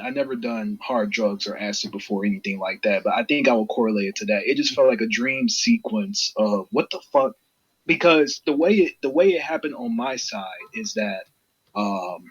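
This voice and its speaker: A man co-hosting a casual wrestling podcast, an excitable storyteller who swears freely and talks straight to his listeners. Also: fairly low pitch, husky, highs cut off. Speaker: podcast co-host.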